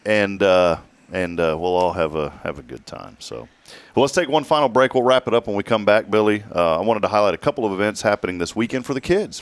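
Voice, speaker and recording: A low-voiced man hosts a morning show and tells a rambling story, laughing as he goes. The sound is close and dry, with no room around it. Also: no room sound. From Texas. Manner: storytelling, laughs often, drawn-out asides. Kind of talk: casual radio chat.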